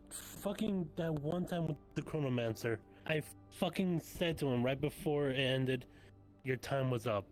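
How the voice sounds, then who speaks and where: A man's voice: on the high side, unhurried, darkish tone, faint music behind. Casual cursing man in roleplay. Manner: casual, swears, laughs often. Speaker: roleplay streamer. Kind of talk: in-character roleplay chat.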